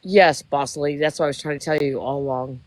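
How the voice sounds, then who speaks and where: A woman's voice: low-pitched, steady tone, fairly quick, no room sound, rough recording. Older woman, 60s, emotional rambling storyteller, dry recording. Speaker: guest. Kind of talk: casual chat.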